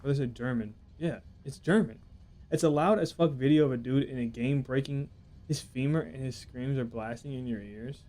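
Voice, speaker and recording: A man's voice: medium pitch, moderate pace, warm tone. Profane, rambling young male game streamer. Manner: rambling, profane, reads chat aloud and jokes. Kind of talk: casual live gameplay commentary.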